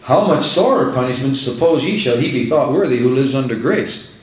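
A man's voice: mid-range voice, lively intonation, fairly quick, a little hiss or hum. A man preaching a sermon, emphatic, repeating phrases for effect. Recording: roomy echo.

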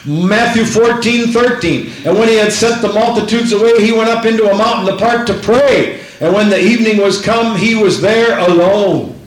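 A man's voice: sits high, moderate pace, few pauses. A man preaching a sermon with fervent emphasis, repeating phrases and reading scripture aloud. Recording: echoey room.

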